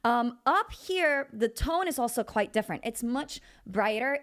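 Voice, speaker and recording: A woman vocal coach talks through a singing lesson in a chatty, expressive way, thinking aloud as she goes. Her voice sits a little high, and her pitch swings widely from phrase to phrase. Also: measured pace, few pauses.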